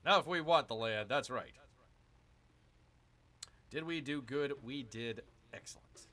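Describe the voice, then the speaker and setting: A man streaming a strategy game, commenting excitedly, reading viewer chat and calling his audience "people". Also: on the high side, normal speed, pauses often, faint music behind. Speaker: gaming streamer.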